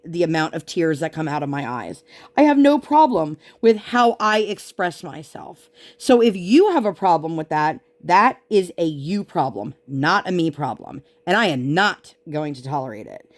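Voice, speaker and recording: Woman vlogger with a lowish voice, venting frustration in a casual craft-along chat. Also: sing-song, moderate pace. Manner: frustrated, venting retelling of an argument.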